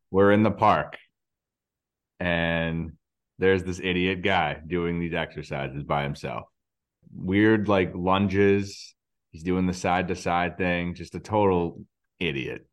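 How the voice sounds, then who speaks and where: Lower-voiced dad telling a story. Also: male voice, fairly even intonation, slow. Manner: storytelling, lots of likes. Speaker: podcast co-host. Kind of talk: casual chat.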